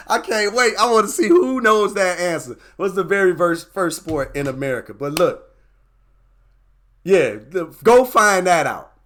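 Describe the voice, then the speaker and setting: Fired-up male host, high voice that swings widely, preacher-like cadence. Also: a bit bright. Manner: fired-up, preaching, repetitive emphasis. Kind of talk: impassioned motivational talk.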